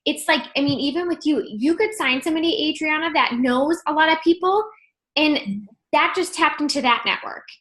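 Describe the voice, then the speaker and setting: A woman's voice: high voice, moderate pace, fairly bright tone. A woman in her thirties coaching her team on a video call, chatty and upbeat, saying "like" and "you guys" a lot. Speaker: team leader.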